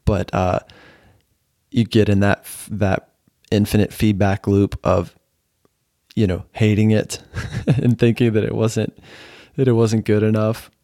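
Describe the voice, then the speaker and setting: A young adult man hosts a casual solo podcast, speaking in a fairly low voice. He tells stories in a loose, rambling way with a sarcastic, deadpan edge. The sound is close and dry, with no room echo. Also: a little slow, long pauses. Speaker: podcast host.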